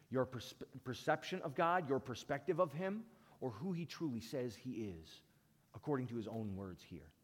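A man preaching a sermon, telling stories and moving between emphatic peaks and quiet asides. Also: mid-range voice, breathy edge. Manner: storytelling, rising to emphatic peaks then dropping quiet. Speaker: pastor. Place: church. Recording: long reverb of a church hall.

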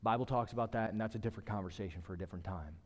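A man's voice: on the low side, very fast. Man preaching in a reverberant hall. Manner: conversational preaching, shifting between hushed and emphatic. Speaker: pastor. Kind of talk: sermon. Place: church hall.

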